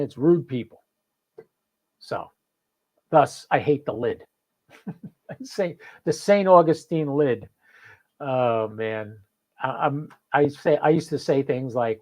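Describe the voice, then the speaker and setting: A man's voice: fairly high pitch, rough recording. Chatty New man ranting. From New Jersey. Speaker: host. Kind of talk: live podcast chat.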